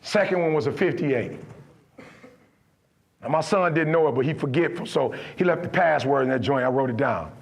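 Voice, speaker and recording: Middle-aged male motivational speaker, husky, gravelly voice, acts out dialogue in his stories and swells into impassioned preaching. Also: medium pitch, animated, moderate pace. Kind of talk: motivational speech with storytelling.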